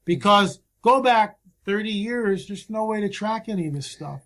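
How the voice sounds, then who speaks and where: A man's voice: high voice, expressive, normal speed, a bit bright. A man speaking as a guest field researcher in a casual conversation, talking in an emphatic, impassioned way.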